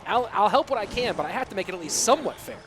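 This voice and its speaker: With music playing behind him, an American man casts a live video game tournament in a high, expressive, rapid-fire voice. Between plays he chats with viewers, reading and answering their messages as an esports caster.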